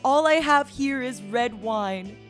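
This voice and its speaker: A woman streamer talks in an unhurried, drawn-out way, teasing her viewers and calling them honey. She lurches from loud mock-dramatic bursts to low, soft murmurs. Faint music plays behind her. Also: expressive. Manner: swings between loud outbursts and soft murmurs. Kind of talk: playful solo stream chat.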